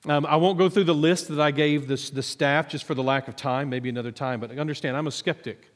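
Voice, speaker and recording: A man who is a minister and psychologist, telling personal stories in a relaxed, self-deprecating way, with many ums. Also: a little high, brisk. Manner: conversational, self-deprecating storytelling with many fillers. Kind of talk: sermon testimony. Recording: echoey hall reverb.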